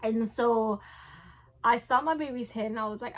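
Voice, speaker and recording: A young woman, telling a casual storytime vlog. She swings between hushed and loud. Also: a little high, expressive, moderate pace. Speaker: vlogger.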